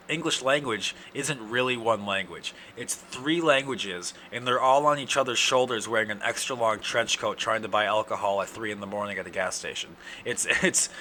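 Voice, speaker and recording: A young man with an Upper Midwest accent, hosting a casual solo podcast, ranting and cursing in loud outbursts, his throat dry from yelling. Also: lowish voice, a little hiss or hum. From Wisconsin. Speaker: podcast host.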